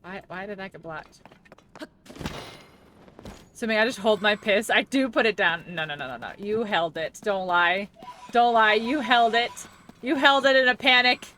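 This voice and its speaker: A woman's voice: mid-range voice, animated, unhurried, pauses often, fairly bright tone, a little hiss or hum. A woman in her thirties chatting casually while streaming a game, rambling, laughing often and saying "like" a lot. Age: 30s. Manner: giggly, rambling, heavy use of "like". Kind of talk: casual live-stream chat while gaming.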